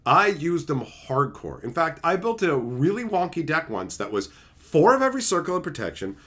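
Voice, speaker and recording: A man hosting a live stream, chatting excitedly and profanely with his viewers and acting out friends in loud voices. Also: fairly high pitch, normal speed. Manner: profane, excitable, rants about cards.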